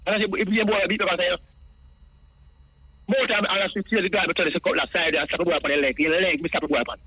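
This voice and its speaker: A Jamaican man calls in over the phone and rattles off his account at breakneck speed in a high, bright, sharp voice. He rambles in patois and circles back over the same points again and again. The line sounds dry and close. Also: fairly even intonation, fast, breathy edge, no room sound, rough recording. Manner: rambling, repeats himself, speaks in patois. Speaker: radio caller.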